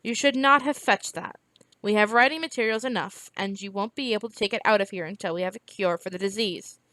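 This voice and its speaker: A woman's voice: mid-range voice, fairly quick, fairly bright tone, no echo, close to an everyday voice. A woman reading aloud, voicing a stiff, haughty male scholar who speaks in a cool, clipped, formal way.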